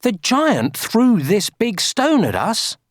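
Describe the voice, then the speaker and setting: A woman reading aloud, voicing a crowd of cross villagers who shout in high, drawn-out voices. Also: wildly swooping pitch, dry recording, clean studio sound, full character voice. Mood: pleading.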